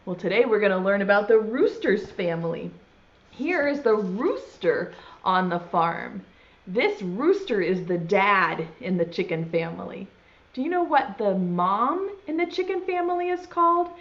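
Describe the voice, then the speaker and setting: A woman teaching a virtual preschool lesson, talking slowly and in an exaggerated, sing-song way to small children and signing words as she goes. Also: mid-range voice, sing-song. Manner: uses sign language alongside speech. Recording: dull lo-fi sound.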